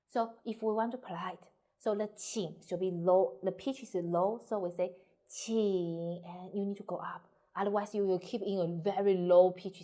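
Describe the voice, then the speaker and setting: A woman teaching a Mandarin lesson, patiently explaining and modelling sentence pitch aloud. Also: darkish tone. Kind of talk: online language lesson.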